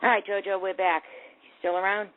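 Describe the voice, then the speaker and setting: A woman's voice: mid-range voice, flat delivery, fairly quick, a little hiss or hum. Sarcastic woman talk radio host, phone-tinny. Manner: sarcastic, indignant.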